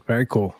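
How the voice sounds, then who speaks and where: A man's voice: darkish tone, no echo, clean studio sound. Hesitant podcast man, lots of fillers. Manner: hesitant, many fillers, easy laughter. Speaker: podcast host. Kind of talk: casual chat.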